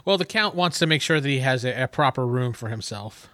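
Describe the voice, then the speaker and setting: Male player, bright and sharp, joking, dry. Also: medium pitch, animated, brisk, no echo.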